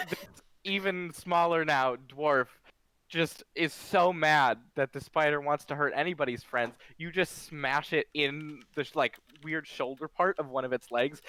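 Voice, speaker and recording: A man running a tabletop game as game master, easygoing and quick to laugh. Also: a little high, bright, forceful tone.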